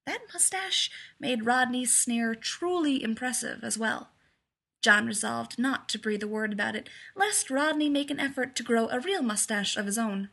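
A woman narrating a fan fiction story aloud in a lively, amused way. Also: on the high side, normal speed, creaky, husky.

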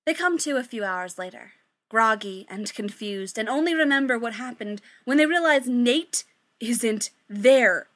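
A woman's voice: a little high, lively intonation, unhurried, fairly bright tone. A woman reading a story aloud in a chatty way, swearing and breaking off for joking asides. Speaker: story reader. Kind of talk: reading fan fiction aloud.

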